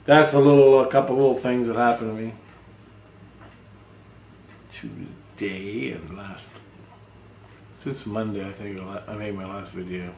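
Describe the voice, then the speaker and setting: A man's voice: lowish voice, a little slow, creaky, long pauses, a little mellow, a little hiss or hum. Rambling blunt man in an echoey room. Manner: rambling, blunt, swears freely. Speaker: spiritual vlogger. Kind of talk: casual spoken video update.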